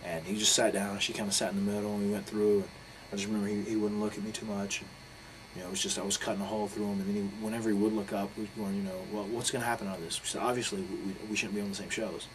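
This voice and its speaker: A man's voice: lowish voice, little pitch movement, racing, background noise. A man, talking bluntly and profanely as he tells a heated personal story in a candid interview. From North Carolina. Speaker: interviewee, professional wrestler.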